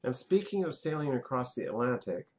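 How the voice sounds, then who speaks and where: A man's voice: mid-range voice, very animated, a little fast, a little mellow. A man, teaching a French class in a classroom and having students repeat words back.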